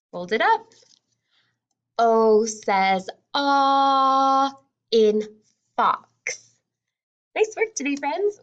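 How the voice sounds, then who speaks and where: A woman teaching a phonics lesson to young children, sounding out words slowly and cheering them on. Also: high voice, dull audio. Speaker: kindergarten teacher.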